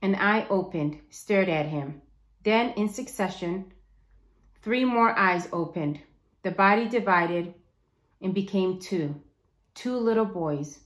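A woman teacher reading a novel aloud to her class in an expressive storytelling voice. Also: medium pitch, takes it slowly, pauses often, roomy sound.

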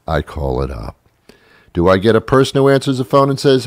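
A man's voice: medium pitch, very animated, brisk, no room sound. A man hosting a comedy show, delivering an exasperated, sarcastic rant in a dry close recording. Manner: exasperated, sarcastic, mimics voices. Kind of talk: comic rant monologue.

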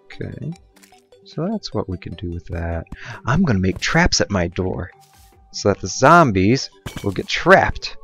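A young let's-play gamer gives casual commentary on his gameplay at a measured pace, his voice deep and low. He rambles easily and slips into goofy, self-mocking asides while faint music plays softly in the background.

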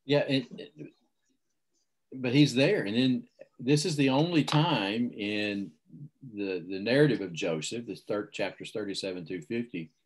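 A man's voice: medium pitch, unhurried, breathy edge. A man co-teaching a Bible class who reflects aloud in a hesitant, conversational way with many fillers. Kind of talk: casual scripture teaching discussion.

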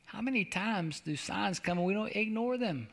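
A man's voice: high voice, lively intonation, normal speed, creaky, fairly bright tone. A man pastor preaching a sermon, exhorting and repeating calls to the congregation. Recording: long hall reverb.

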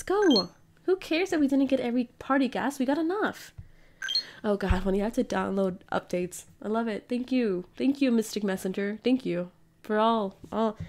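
Female let's-player, bright and high, chatty and giggly, reads game dialogue aloud. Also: a little hiss or hum. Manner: playful, giggly, reads character lines in her own voice. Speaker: gaming streamer. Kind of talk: casual let's-play commentary, reading game dialogue aloud.

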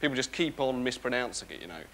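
A man's voice: mid-range voice, expressive, fast talker, a bit bright. An actor playing a neurotic, sleepless young man, who rambles in a wry, self-mocking way. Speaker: sitcom lead. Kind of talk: comic monologue and dialogue. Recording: noisy TV broadcast recording.

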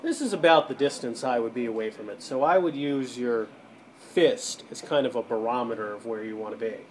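At his computer, a man who presents tutorials for a radio show talks viewers through setting up a desktop microphone and call software one step at a time. His medium-pitched voice is brisk and practical, and the casual screen-recorded tutorial picks up slight background noise as he drifts toward and away from his desktop USB mic.

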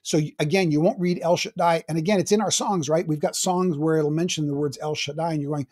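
A man's voice: on the high side, fairly even intonation, fast talker, darkish tone. An older man, a teaching pastor, explaining the Bible in a chatty, self-deprecating way with frequent restarts.

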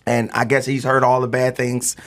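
A man from Chicago, a comedian guest, telling stories in an excitable way and acting out his family scenes. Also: mid-range voice, normal speed. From Chicago, USA. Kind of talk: animated comic storytelling.

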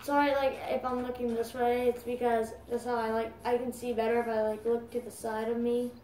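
A woman giving casual commentary while playing a video game, talking to viewers and crying out loudly at setbacks. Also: on the high side, level tone, fairly quick, distant mic, a little hiss or hum. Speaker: gaming video creator. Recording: roomy sound, voice off-mic, music behind.

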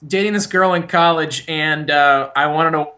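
A man's voice: fairly high pitch, normal speed, bright, forceful tone. A young man co-hosting a podcast, telling stories animatedly with many restarts. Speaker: podcast co-host. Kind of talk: casual chat.

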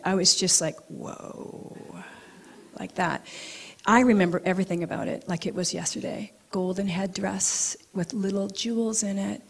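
With a husky, medium-pitched voice, a woman who practises acupuncture animatedly recounts a personal story during a talk. Laughter comes readily, and at times she lowers her voice to a hush to stress a point.

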